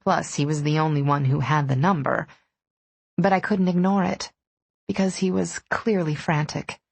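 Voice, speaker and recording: Woman narrator, gravelly texture, husky voice, steady intimate storytelling. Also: low-pitched, normal speed, no echo. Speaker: audiobook narrator. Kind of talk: first-person romance audiobook narration.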